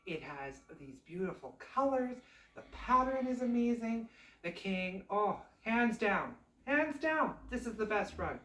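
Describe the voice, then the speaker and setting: A woman telling a fairy tale aloud in a chatty, animated, conversational way. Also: on the high side, unhurried, reverberant, far from the mic, a little hiss or hum. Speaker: storyteller. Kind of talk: casual oral storytelling.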